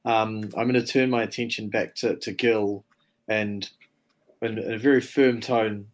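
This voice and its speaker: A man playing a tabletop game, calmly describing his character's actions. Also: fairly low pitch, unhurried. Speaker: player. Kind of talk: tabletop role-play chat.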